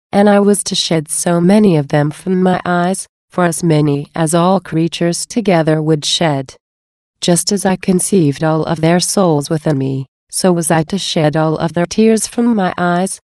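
A woman's voice: fairly low pitch, a little slow, darkish tone, no room sound, clean studio sound, lightly acted. A woman reading Jesus, tender and sorrowful. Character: tender sorrowful adult man, Jesus speaking. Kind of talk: devotional reading.

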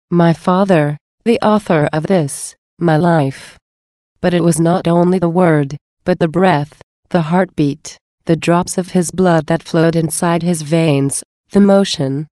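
A woman's voice: fairly low pitch, warm tone, no room sound, studio quality. A tender, solemn divine man, as a woman reads him. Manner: earnest devotional reading. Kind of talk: devotional reading aloud.

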